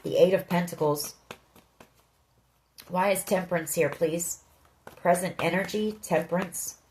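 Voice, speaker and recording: A woman's voice: fairly low pitch, fairly even intonation, a little slow, a little mellow, a little hiss or hum, poor audio. A woman giving a tarot reading, speaking earnestly and directly to the listener. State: emotional. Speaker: tarot reader.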